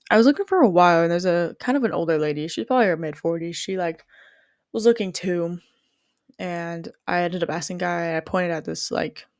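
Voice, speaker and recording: A woman's voice: lowish voice, no echo, studio quality. A young woman telling a personal story and musing on whether she is a good person, rambling with plenty of "like" and restarts. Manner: rambling, heavy use of "like", frequent restarts.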